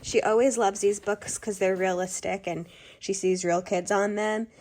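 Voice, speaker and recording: A woman's voice: medium pitch, steady tone, normal speed, darkish tone. A young woman, a stay-at-home mom, reviewing a toy kit in casual chat, audibly out of breath, with lots of ums and likes. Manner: chatty, many ums and likes.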